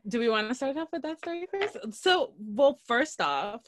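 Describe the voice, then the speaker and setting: A young woman co-hosting a podcast in casual chat, telling stories quickly and animatedly with frequent fillers. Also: high voice, big pitch swings. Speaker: podcast co-host.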